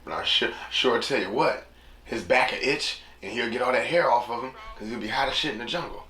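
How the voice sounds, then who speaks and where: A man's voice: mid-range voice, brisk, sharp tone. A man hosting a casual solo podcast, talking loosely and slipping into voices when he quotes people. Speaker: podcast host. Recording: echoey room with noticeable background noise.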